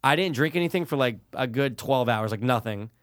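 A man's voice: mid-range voice, fairly quick, no echo. Man, loose jokey chat, trails off, dry close recording. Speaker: podcast co-host. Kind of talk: casual comedic chat.

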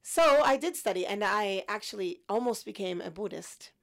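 A woman in her fifties recounting her story as an interview guest, reflective and lively when quoting her past thoughts. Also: medium pitch, moderate pace. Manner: reflective, animated in quoted thoughts.

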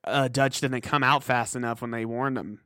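A man's voice: mid-range voice, steady tone, normal speed, bright, forceful tone, dry recording, clean studio sound. Rambling man in casual podcast chat. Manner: rambling, restarts sentences, laughs often. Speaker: podcast co-host. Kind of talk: casual chat about a video game.

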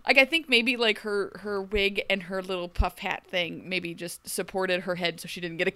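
A young woman talks through a TV episode in loose, lively podcast chat, breaking into quick character impressions. Her voice sits at an ordinary middle pitch, and the sound is dry and close to the mic. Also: no room sound. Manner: animated, acts out characters in quick asides. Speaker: podcast co-host. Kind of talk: casual chat recapping a TV show.

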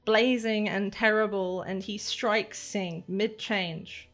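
A woman narrating a tabletop game as game master with dramatic, measured storytelling. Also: medium pitch.

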